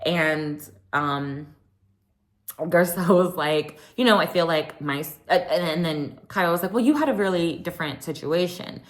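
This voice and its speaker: A woman with a low voice talks through a reality show episode in a loose, chatty way. She fills her talk with ums and likes, and she gets lively and playful whenever she acts out what the cast said. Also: moderate pace. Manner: gossipy, animated when quoting others, lots of um and like. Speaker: reality TV recap host. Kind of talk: casual chatty recap.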